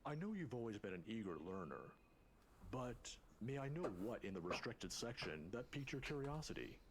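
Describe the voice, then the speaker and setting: An actor playing an inquisitive older male scholar in a game, gentle, teasing and formal. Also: mid-range voice, very animated, a little fast, a little hiss or hum.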